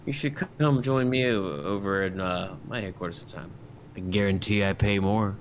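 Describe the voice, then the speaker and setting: A man doing a tall, half-drunk official who owns every room he walks into, with a deep, low voice. He drags his words out slowly and drops into menacing half-whispers. It plays like a tabletop game scene with a faint hiss behind it. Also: lightly acted. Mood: smug.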